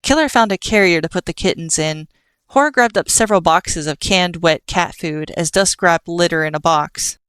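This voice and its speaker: A woman reading an audiobook in a steady storytelling manner. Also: on the low side, moderate pace, smooth, dry recording. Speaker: audiobook narrator. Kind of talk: scripted audiobook narration.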